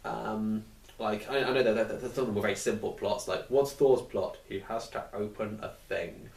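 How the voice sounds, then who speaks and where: A man's voice: lowish voice, fairly even intonation, moderate pace, vocal fry, a little mellow. A man chatting casually about a film he saw, rambling and swearing now and then as he acts out bits of dialogue. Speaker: film reviewer. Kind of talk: casual chat. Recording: echoey room, mic at a distance, faint noise.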